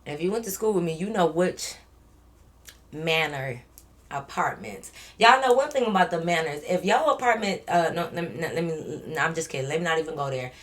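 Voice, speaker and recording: A young woman, telling a storytime vlog in slangy, animated talk, acting out what people said. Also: low-pitched, moderate pace, slight background noise. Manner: animated, slangy storytelling with acted-out quotes and swearing. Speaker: vlogger.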